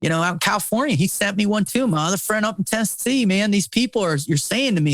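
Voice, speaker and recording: A man's voice: sits high, expressive, quick pace, few pauses, fairly bright tone, no room sound. A middle-aged man, a podcast guest and former Navy SEAL, talking in an intense, preachy way with lots of swearing, repeated words and "man.". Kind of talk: impassioned casual conversation.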